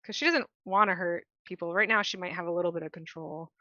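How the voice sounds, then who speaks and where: A woman playing in a tabletop role-play, slowly describing her character's actions. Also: on the low side, sharp tone, dry recording, highs cut off. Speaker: player.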